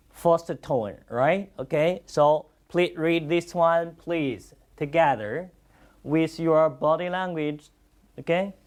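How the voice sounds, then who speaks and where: A native Chinese speaker teaches a Chinese class in English to students in a classroom. Her mid-range voice is slow and encouraging, offering steady praise and plenty of repetition.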